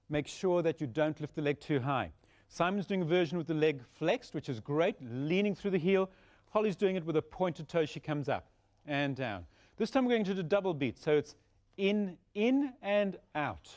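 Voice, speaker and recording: Male Pilates instructor with a fairly high voice, calm breath-by-breath cueing, encouraging. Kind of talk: guided exercise instruction.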